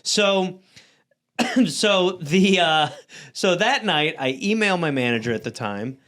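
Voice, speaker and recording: This podcast co-host has a high-set voice and talks slowly. He is animated and profane as he spins a casual story, performing the voices of everyone he quotes.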